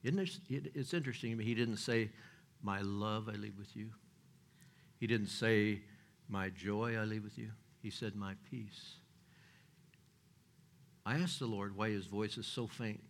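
A man's voice: lowish voice, moderate pace. An older man preaching a sermon in a folksy, joking way, with loose restarts and chuckles.

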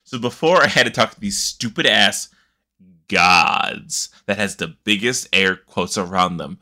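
Sarcastic guy on a gaming podcast, lowish bright edgy voice, swears a lot. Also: measured pace. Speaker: podcast co-host. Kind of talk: casual gaming podcast chat.

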